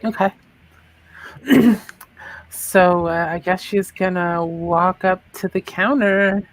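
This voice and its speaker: Tabletop player, slow pace, deliberate, questioning. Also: mid-range voice, steady tone, rough recording. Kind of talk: tabletop role-play.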